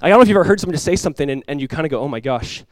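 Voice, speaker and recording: A young man preaching a sermon as a pastor, telling stories in a casual, animated way with many asides. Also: fairly high pitch, rapid-fire, dry recording.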